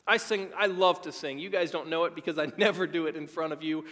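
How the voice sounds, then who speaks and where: A middle-aged male pastor preaching a sermon, excitable and emphatic, swinging between near-shouting and hushed tones. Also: on the high side, fast talker, in a large hall. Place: church sanctuary.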